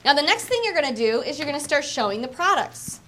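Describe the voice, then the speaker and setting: A woman sales trainer coaching an audience on opening talks, acting out sample pitches with energy and emphasis. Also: very animated, fast, sharp tone, a little hiss or hum. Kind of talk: training talk with demonstrations.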